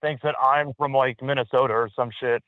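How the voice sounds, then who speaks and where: A man's voice: medium pitch, fairly even intonation, fairly quick, no room sound. A man with a Southern American accent calling in to a radio show, chatting in an easygoing, pleasant way. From rural US South. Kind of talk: casual call-in chat. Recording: tinny phone line.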